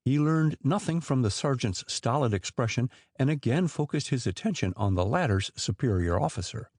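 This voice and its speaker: A male audiobook narrator reads a mystery novel in a measured, steady manner. His pitch rises and falls with lively movement, and the sound is close and dry with no room around it. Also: dry recording. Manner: measured, even storytelling.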